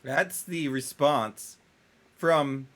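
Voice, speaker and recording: A man's voice: medium pitch, extremely slow, fairly bright tone. A man co-hosting a casual comedy talk show, rambling and swearing a lot while drinking. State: drinking, getting tipsy. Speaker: co-host.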